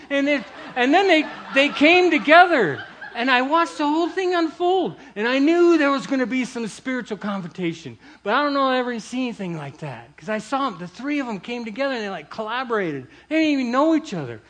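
A middle-aged man telling a personal faith story in a lively, animated way, acting out the voices of the people in it and laughing as he goes. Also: very high voice, moderate pace. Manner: acts out quoted voices, laughs through the story. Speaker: churchgoer telling a testimony.

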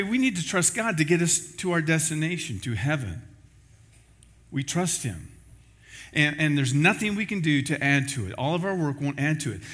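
A man's voice: fairly high pitch, a bit bright. A man preaching a sermon as pastor, in a conversational style with everyday examples.

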